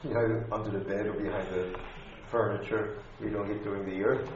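A man's voice: on the low side, fairly even intonation, fairly quick, a little hiss or hum. A man in a class, making casual, practical comments. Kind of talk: class discussion. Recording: distant, echoey, dull room recording.

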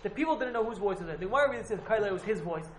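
The speaker is a man teaching Talmud informally to a few students, talking very fast in a high, expressive voice while rambling, repeating himself and often hedging. Slight background noise can be heard in the echoey room.

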